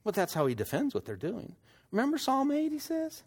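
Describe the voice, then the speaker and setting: A man preaching a sermon and reading scripture, unhurried, asking his listeners rhetorical questions. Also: very high voice, wildly swooping pitch, breathy edge. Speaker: pastor.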